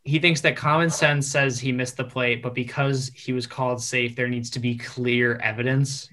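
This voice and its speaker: A man with a bright, forceful tone co-hosting a sports podcast. He tells his story haltingly and fills pauses with lots of ums. His pitch sits in the middle of his range. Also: little pitch movement. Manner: halting, with many fillers. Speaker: podcast co-host. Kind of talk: casual sports podcast chat.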